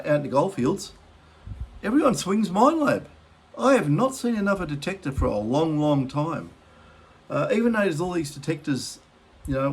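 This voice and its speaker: Aussie bloke rambling on his vlog, gravelly voice, blunt and a bit self-mocking. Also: mid-range voice. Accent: Australian. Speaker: detecting channel host. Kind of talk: casual opinion vlog.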